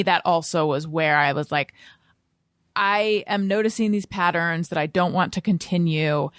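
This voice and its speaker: A woman's voice: sits low, fairly bright tone, no echo, clean studio sound. A woman hosting an interview podcast, talking in a reflective, casual way and affirming her guest often. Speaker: podcast host.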